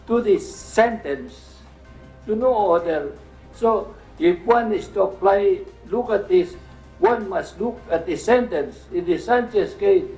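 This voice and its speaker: Slow, high-voiced man in an echoey hall. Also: dark tone. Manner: measured, deliberate, emphatic. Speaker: senator at a hearing. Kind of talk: formal legal argument at a hearing. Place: senate hearing room.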